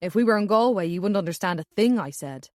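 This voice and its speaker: A woman narrating an audiobook, voicing a relaxed, teasing young Irish man in his twenties with an Irish accent. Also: mid-range voice, fast talker, dry recording, studio quality, lightly acted. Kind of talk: audiobook character voice.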